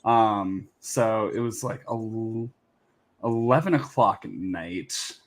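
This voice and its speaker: A man co-hosting a podcast who tells his story hesitantly, with many pauses and ums. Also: fairly low pitch. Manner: hesitant, with frequent ums and restarts. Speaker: podcast co-host. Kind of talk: casual chat.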